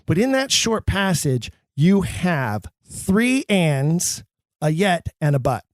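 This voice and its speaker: A man's voice: on the high side, very animated, takes it slowly, no echo. Emphatic man explaining verse, dry close sound. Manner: emphatic, theatrical, quotes verse dramatically. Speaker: podcast host. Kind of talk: scripted lecture on acting Shakespeare.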